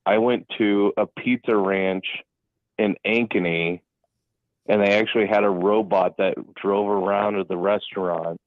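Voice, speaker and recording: A man's voice: low-pitched, dry recording. A man calling in to a radio show, matter-of-fact as he tells his story, on a phone line. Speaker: caller.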